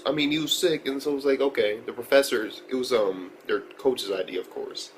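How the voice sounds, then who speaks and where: A man with a mid-range voice rambles through an anime episode review, swearing freely and piling on slang. He gets excitable as he talks. There is a faint hiss of background noise behind him. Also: mid-range voice, a little fast, hardly any pauses, rough recording. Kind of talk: casual video review.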